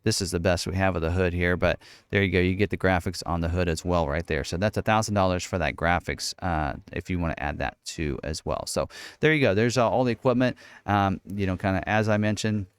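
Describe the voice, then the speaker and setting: Low, smooth-voiced man rambling casually. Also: a little fast, no echo. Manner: rambling, thinks aloud with many fillers. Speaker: car channel host. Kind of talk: casual screen walkthrough.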